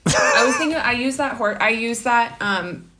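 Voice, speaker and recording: A woman's voice: on the high side, normal speed, sharp tone. A woman guesting on a podcast, chatting casually with lots of "like" and laughing asides. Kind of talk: casual chat.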